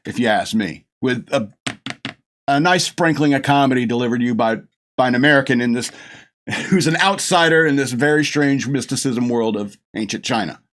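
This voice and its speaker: The speaker is a middle-aged podcast host giving a rambling, gushing movie review full of laughter and acted-out lines. His mid-range voice has a fairly bright tone.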